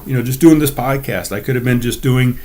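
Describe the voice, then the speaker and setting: Seated at his desk, a podcast host rants solo into a desk microphone, fired up and profane, in a casual monologue. His voice is mellow and medium-pitched, moving a little fast.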